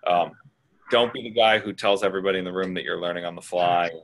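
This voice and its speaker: Really low-voiced guy on a video call, blunt and direct, talking through advice. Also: steady tone, fast, creaky, a bit bright, slight background noise, rough recording. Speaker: host answering questions. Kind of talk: casual advice on a group call.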